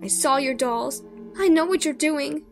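A woman's voice: fairly high pitch, big pitch swings, moderate pace, soft background music. A woman voicing a frightened young girl who shrieks and pleads in panic. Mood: defiant.

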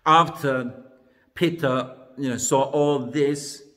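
Slow-reading minister in a reverberant church. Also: male voice, mid-range voice, fairly even intonation, a bit bright. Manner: slow, careful reading then plain retelling. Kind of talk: Bible reading and sermon.

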